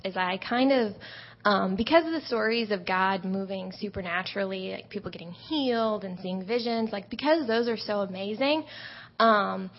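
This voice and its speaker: Gravelly-voiced teen girl giving a testimony. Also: mid-range voice. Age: late teens. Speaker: student. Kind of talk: personal testimony. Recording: dull lo-fi audio.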